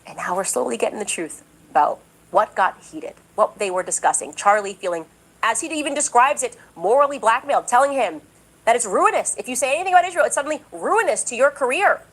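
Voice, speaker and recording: A woman's voice: mid-range voice, a bit bright, rough recording. Indignant, insistent woman commentator. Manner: emphatic and indignant, insistent repetition; mocks others in a raised, exaggerated voice. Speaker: political commentator. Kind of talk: podcast monologue.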